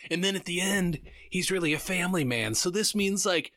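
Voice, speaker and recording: Wry, slightly higher-voiced joking man. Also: lively intonation, fairly quick, bright, forceful tone. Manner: laughs along, wry and joking. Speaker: podcast co-host. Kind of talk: casual chat.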